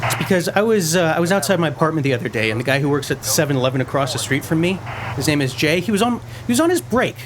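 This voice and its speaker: This gamer races through his let's-play commentary in a slightly high, expressive voice against a noisy background of loud car and game sounds. Sitting in a messy room at home, he rambles, pokes fun at himself and frequently stumbles verbally.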